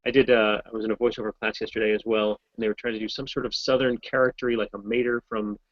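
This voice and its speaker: A voice actor from Massachusetts chatting casually on a video call, rambling and correcting himself with a wry tone. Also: male voice, lowish voice, little pitch movement, quick pace, no echo, muffled recording. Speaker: voice actor guest. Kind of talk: casual chat in a video hangout.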